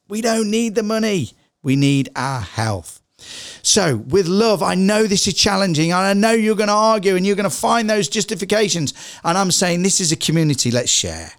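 A middle-aged man giving a heartfelt motivational talk, earnest and pleading, dropping soft and low then rising with emphasis. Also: creaky. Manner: earnest, pleading, swings between soft low lines and raised emphatic ones. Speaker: motivational speaker.

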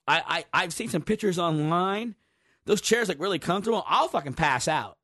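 A man's voice: high voice, animated, moderate pace, a bit bright, dry recording. Laid-back wisecracking man, dry sound. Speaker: podcast co-host. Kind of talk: casual chat. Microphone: studio microphone.

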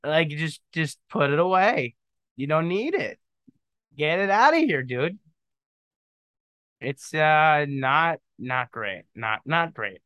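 A man hosts a solo podcast, rambling through jokey opinions and often saying "dude". His voice is bright and clean. It is recorded dry and close. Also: on the high side, sing-song, takes it slowly, long pauses, no room sound, highs cut off. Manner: trails off into mumbling asides. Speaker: podcast host. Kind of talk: casual solo monologue.

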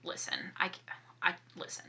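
An animated woman chatting on a podcast, reviewing a film with plenty of emphasis. Her voice is very bright and forward, and she often restarts her sentences as she works up to a point. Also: normal speed. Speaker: podcast co-host. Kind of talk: casual movie review chat.

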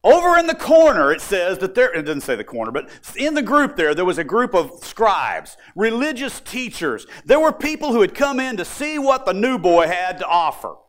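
A man preaching a sermon, animated, and acting out the voices of people he quotes. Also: high voice, normal speed, hardly any pauses. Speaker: pastor.

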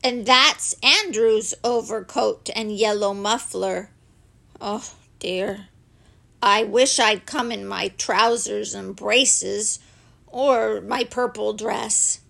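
A woman voicing a shy, polite male teddy bear who speaks slowly and earnestly, with a gravelly voice. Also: medium pitch, fairly bright tone. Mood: timid, earnest. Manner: slow, timid and earnest.

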